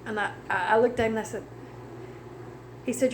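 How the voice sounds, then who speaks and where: A woman's voice: on the high side, fairly even intonation, a little fast, pauses often, slight background noise, low-quality recording. A woman giving an earnest personal testimony of faith and healing, building into preaching with scripture cadences. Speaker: cancer survivor giving testimony.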